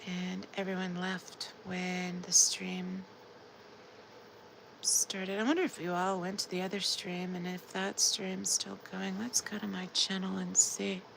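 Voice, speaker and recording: Sleepy woman on a late stream, sore scratchy throat, slow and gravelly, bit of faint hiss behind. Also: lowish voice, flat delivery. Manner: soft, drowsy, drifts into whispers. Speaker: livestream host. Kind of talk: late-night casual livestream chat.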